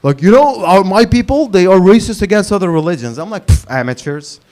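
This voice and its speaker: This open mic host and comedian from Lebanon performs stand-up at a club with a live crowd, voicing both parties in dialogues and cursing freely. He speaks briskly in a high, sing-song voice, switching to loud announcer-style calls to introduce acts.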